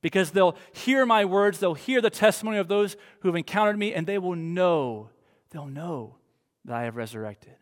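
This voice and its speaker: A man in his thirties preaching a sermon, telling stories expressively and moving between animated bursts and hushed, soft passages. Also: high-pitched, normal speed. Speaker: pastor. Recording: long hall reverb.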